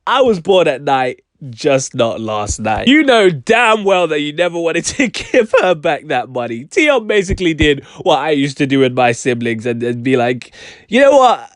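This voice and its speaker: A man hosts a commentary vlog with a lively, bouncing pitch that sits fairly high. He jokes freely as he recounts the story. His voice sounds close and dry. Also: normal speed, dry recording. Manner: animated, joking. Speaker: vlog host.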